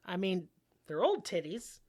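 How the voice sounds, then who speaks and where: A woman's voice: fairly low pitch, big pitch swings, measured pace, a little mellow, no echo, studio quality. A woman co-hosting a podcast, chatting casually and joking through the show announcements, rambling with frequent restarts. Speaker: podcast co-host.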